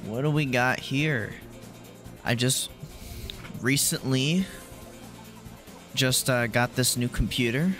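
A man's voice: medium pitch, takes it slowly, long pauses, soft background music. A man casually commentating as he plays a computer game, rambling and hesitant. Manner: rambling, hesitant, full of ums and excited asides. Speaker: streamer.

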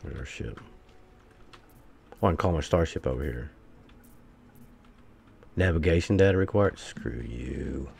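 A man's voice: a bass voice, lively intonation, a little slow, vocal fry, long pauses, a little mellow, husky. A man giving casual gameplay commentary, swearing freely and grumbling to his viewers as he plays. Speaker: gameplay streamer.

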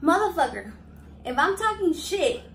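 A woman's voice: very high voice, very animated, normal speed, a bit bright. A woman filming a casual cooking vlog in her home kitchen, brash and swearing constantly, slipping into Spanish. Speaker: cooking vlogger. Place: home kitchen with family around. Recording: noisy kitchen recording.

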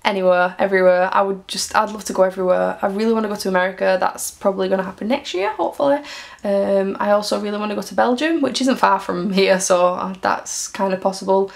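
Young woman, Mancunian accent, casual giggly vlogger with a gravelly fry. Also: mid-range voice, fast talker. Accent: Mancunian English. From Greater Manchester, England. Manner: chatty and giggly, reads fan questions aloud. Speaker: YouTuber. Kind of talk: casual Q&A vlog.

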